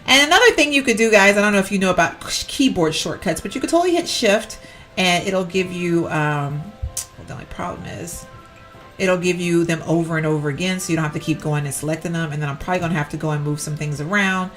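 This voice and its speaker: A woman who makes Sims gameplay videos on YouTube gives casual, rambling commentary while decorating in the life-sim game, chatty and giggly and often correcting herself. Her fairly low voice is animated, fast and fairly bright. Soft music plays in the background.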